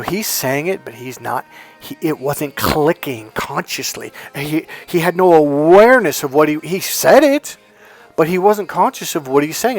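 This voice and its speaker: A man coaching a course on dating, telling a story bluntly, swearing and shouting his punchlines. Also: a little high, gravelly. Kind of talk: animated storytelling lecture.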